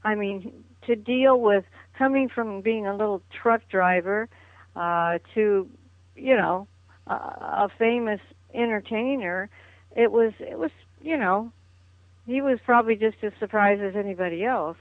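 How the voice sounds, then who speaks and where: A woman's voice: medium pitch, measured pace, dry recording. An older woman chats as an interview guest, reminiscing in a loose, storytelling way and breaking into laughs often. Her voice arrives over a tinny phone line. The sound is dry, with no room around it. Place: at home on a phone call.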